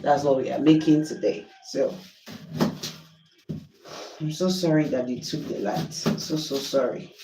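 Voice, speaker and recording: A woman's voice: low-pitched, unhurried, long pauses, reverberant, far from the mic, noisy background. A Nigerian woman chatting on a livestream while cooking at home, exasperated and apologetic. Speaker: livestream host. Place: home kitchen.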